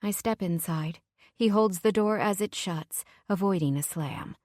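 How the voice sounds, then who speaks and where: A woman's voice: mid-range voice, unhurried, darkish tone, no room sound, studio quality. A woman narrating a romance audiobook in the first person, telling it in an intimate, emotional way.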